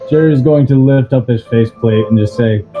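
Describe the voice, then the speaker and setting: A man playing in a tabletop game, halting and stammering as he talks. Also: medium pitch, highs cut off, over music. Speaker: player.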